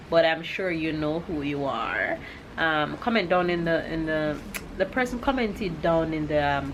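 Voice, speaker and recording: A woman with a Jamaican accent hosting a casual vlog, laughing often and spelling words out slowly. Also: deep voice. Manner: laughs often, slow deliberate pronunciation. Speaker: vlogger host. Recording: noisy ambient background.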